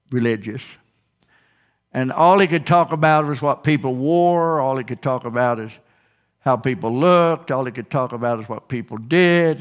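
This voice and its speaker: A male pastor preaching a sermon, telling stories with acted-out dialogue, calling for an "Amen," and slowing down to stress key words. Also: medium pitch. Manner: storytelling preacher, acts out quoted exchanges, calls out "Amen?"; slows and stretches key phrases for emphasis.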